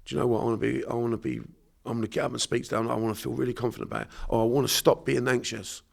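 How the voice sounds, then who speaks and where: Rapid-fire and gravelly, a medium-pitched male voice keeps a level tone. The speaker is a South London man from Bermondsey, an unconscious mind therapist guesting on a casual podcast interview, and he talks in a blunt, sweary, emphatic manner.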